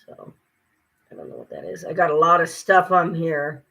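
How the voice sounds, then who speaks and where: A woman's voice: sits low, big pitch swings, moderate pace, vocal fry, a bit bright, low-quality recording. An exhausted woman talking casually to her viewers, weary and frustrated, venting with mocking asides. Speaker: vlogger. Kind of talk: casual talk to camera.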